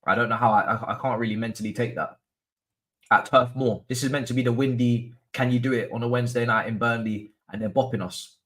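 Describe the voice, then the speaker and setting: A young man hosting a live football watchalong, reacting to the match as an excitable, frustrated fan who rants and swears. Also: medium pitch, a little fast.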